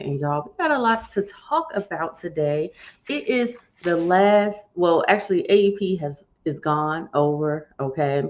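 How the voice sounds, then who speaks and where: Lady host chatting on a live stream, lowish voice, kinda dull lo-fi sound. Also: a little mellow. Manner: chatty, folksy, addresses viewers as y'all. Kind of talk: live-stream morning show chat.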